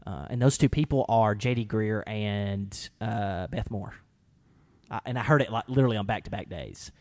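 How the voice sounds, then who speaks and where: A man co-hosting a casual discussion, talking animatedly and acting out quoted lines with lively shifts in voice. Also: on the low side, normal speed.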